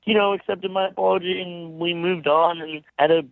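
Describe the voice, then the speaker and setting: A man calling in to a radio show, telling his story slowly and a little sheepishly over the phone. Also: high voice, steady tone, vocal fry. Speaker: caller. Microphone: telephone. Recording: phone line.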